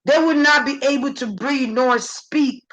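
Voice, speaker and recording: A woman's voice: measured pace, fairly bright tone, low-quality recording. A woman speaking as a channeler in an intense, preachy spirit-channeling monologue. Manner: intense, preachy, shifting pitch.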